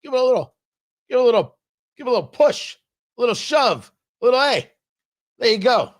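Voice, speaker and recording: A man's voice: very high voice, very animated, fast. A man hosting a talk show, giving an opinionated and emphatic political commentary monologue with a mocking edge at times.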